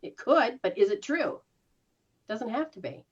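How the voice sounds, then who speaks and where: A woman's voice: on the high side, lively intonation, a little slow, slightly rough, lo-fi sound. A woman healer coaching someone one-on-one in a casual way, acting out reactions with gasps and laughs. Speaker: spiritual healer giving live sessions.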